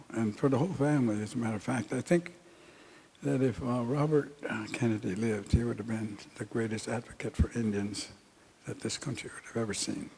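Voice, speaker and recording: Gravelly older man telling a story slowly. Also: medium pitch, a little mellow. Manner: unhurried, halting storytelling with many pauses and fillers. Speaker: speaker at an honoring event. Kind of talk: recounting a personal story in a speech.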